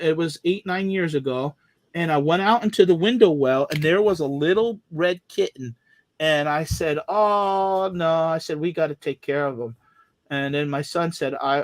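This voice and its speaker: A man's voice: a little high, no room sound. A man with a slightly raised voice tells a winding story in casual chat. He keeps restarting his sentences and trailing off into asides. The sound is close and dry. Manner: rambling storytelling with many restarts.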